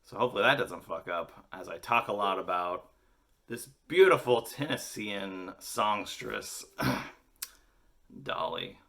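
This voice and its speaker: A man's voice: on the low side, lively intonation, slow, vocal fry, bright, forceful tone. A young man hosting a daily music vlog, chatting casually with constant swearing and jokey rants, his voice a bit worn from singing. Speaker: host of a daily music video series. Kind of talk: casual, profane vlog chat.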